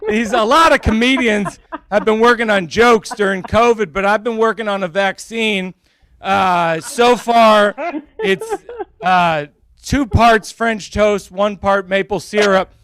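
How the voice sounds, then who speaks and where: A man performing a stand-up comedy set, rambling and self-deprecating in a deadpan way. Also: high-pitched, measured pace, clean tone, no echo. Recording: crowd laughter in background. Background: audience laughter.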